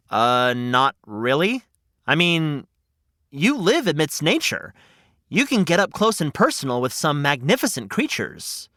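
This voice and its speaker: A man hosting a children's storytelling podcast, talking in a bright, animated, playfully bewildered way. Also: a little high, a little slow, dry recording, studio quality.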